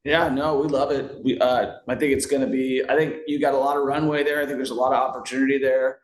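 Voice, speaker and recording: A man's voice: medium pitch, level tone, quick pace. Enthusiastic male host in an echoey room. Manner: affirming, enthusiastic interviewer. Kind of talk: casual interview chat.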